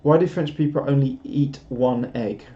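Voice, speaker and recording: A man's voice: medium pitch, moderate pace, mellow. A man chatting casually on a live stream, rambling and self-deprecating as he reads out viewer comments. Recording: dull lo-fi stream audio.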